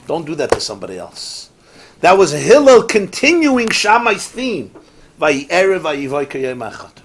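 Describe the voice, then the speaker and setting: Animated rabbi with lively, swinging pitch. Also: male voice, breathy edge. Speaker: rabbi teaching a class. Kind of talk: Torah class lecture. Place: synagogue study hall, live class.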